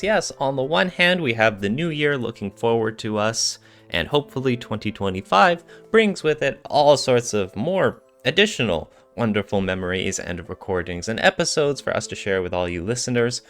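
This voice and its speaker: A man co-hosting a podcast in an upbeat, wordy way. His voice sits fairly low and swings up and down a lot, and faint music plays quietly behind him. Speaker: podcast co-host. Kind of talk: casual podcast chat.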